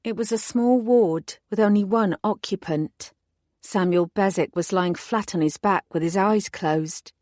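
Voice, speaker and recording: A woman narrating a first-person audiobook in a clear, steady storytelling voice on a close studio mic. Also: mid-range voice, unhurried, no room sound.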